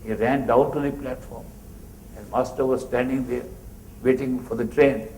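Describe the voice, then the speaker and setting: A spiritual teacher tells a story in a mellow, warm male voice and acts out the people in it with animation. He speaks in a hall with a roomy echo around him. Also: medium pitch, fairly even intonation, moderate pace, a little hiss or hum. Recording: roomy echoey room.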